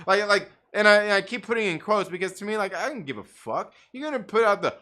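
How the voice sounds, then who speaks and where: A man's voice: high voice, lively intonation, fast, few pauses, sharp tone. A man ranting in casual livestream commentary, profane and rambling, full of fillers and restarts. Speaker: livestream co-host; parent.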